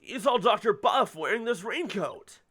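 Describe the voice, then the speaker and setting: A performer voicing an earnest young male lawyer in a fan voice-over of a story game, quick to get flustered. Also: medium pitch, expressive, a bit bright, husky. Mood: probing.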